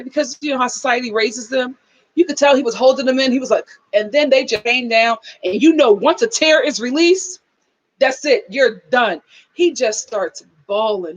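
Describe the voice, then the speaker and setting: Animated woman reviewing reality TV. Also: a little high. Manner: animated, emphatic, acts out scenes. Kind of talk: casual review chat.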